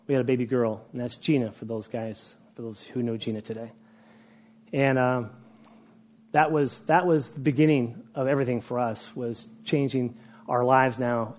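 A man in his sixties tells a personal story to a room of listeners in a mid-range voice. He talks in an animated, conversational way and often restarts his sentences. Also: medium pitch. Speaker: speaker addressing a group.

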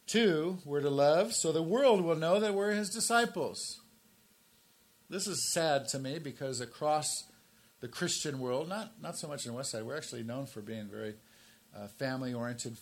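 A man in his sixties preaches as pastor with a middle-pitched voice. He punches key phrases loud and high, then drops to soft, low asides. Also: expressive, normal speed. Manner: emphatic, rises to forceful stresses then drops low and quiet. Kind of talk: sermon.

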